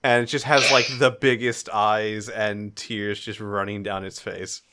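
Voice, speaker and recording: A man narrating a tabletop game as its game master, bright in tone. He talks in a slow, casual flow, loose with fillers and easy laughter. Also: fairly low pitch, flat delivery, clear, resonant tone.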